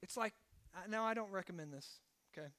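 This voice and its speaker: A man preaching a sermon. He swings from hushed, low emphasis to loud, rising exhortation and keeps checking in with "right?". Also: fast talker. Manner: asks the congregation rhetorical questions, often adding "right?". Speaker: pastor.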